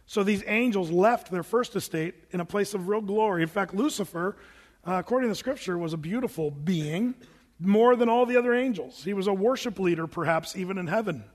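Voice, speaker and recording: A man's voice: high-pitched, brisk, in a large hall. A man preaching a Bible-teaching sermon in a conversational, plain-spoken way, with casual asides to the congregation. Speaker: pastor.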